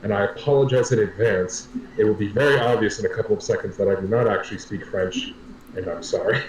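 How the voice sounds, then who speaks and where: A man playing a tabletop game, explaining his character's actions in halting, apologetic speech. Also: lowish voice, echoey room, slight background noise, low-quality recording. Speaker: player. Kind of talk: casual tabletop play.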